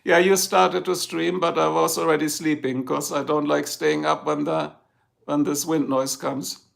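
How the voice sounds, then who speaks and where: A middle-aged German man with a gravelly, somewhat high voice, hosting a live stream. He speaks English with a clear German accent and rambles loosely, turning again and again to talk straight to his chat. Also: little pitch movement, a little slow, fairly bright tone. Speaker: livestream host. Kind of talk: casual livestream chat.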